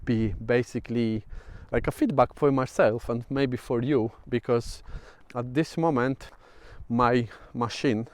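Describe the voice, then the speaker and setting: A man with a Polish accent rambles through a casual vlog update, pausing often on fillers and restarting his sentences. His voice is smooth and resonant, recorded close and dry with no room sound. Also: mid-range voice, steady tone, a little mellow, no room sound. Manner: hesitant, many fillers and restarts. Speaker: vlogger. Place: outdoors at sunset.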